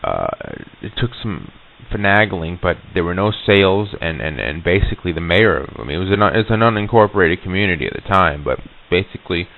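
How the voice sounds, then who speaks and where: An actor playing a shaken vending machine serviceman who recalls a haunting in a halting, stammering way, full of restarts. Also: deep voice, animated, vocal fry, slight background noise. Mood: uneasy. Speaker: vending machine route worker giving a recorded account. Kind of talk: hesitant spoken recollection on tape. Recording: tinny lo-fi old reel-to-reel tape.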